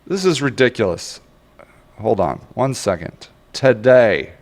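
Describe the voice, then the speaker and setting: A man's voice: medium pitch, big pitch swings, takes it slowly, in a large hall. A man giving a casual, rambling screen-share tutorial on social media marketing, joking at his own expense and grumbling when the tool won't cooperate. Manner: rambling, self-mocking, easily frustrated.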